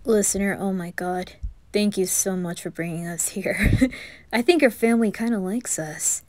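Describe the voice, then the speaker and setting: A woman's voice: medium pitch, moderate pace, darkish tone, natural voice. A woman voicing a chatty, playful teenage boy who gushes over food in a whispered role-play.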